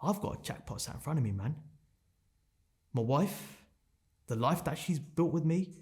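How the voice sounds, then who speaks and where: A man's voice: fairly high pitch, animated, moderate pace, long pauses, a little mellow. A man in his thirties, a podcast guest telling a painful personal story in a raw, intense way, swearing and repeating phrases for emphasis.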